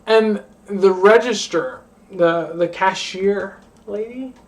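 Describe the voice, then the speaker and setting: A woman's voice: medium pitch, takes it slowly. Drunk young woman rambling off-mic. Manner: slurring, profane, repeats a phrase over and over. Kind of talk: rambling late-night vlog rant. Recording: voice distant from the mic.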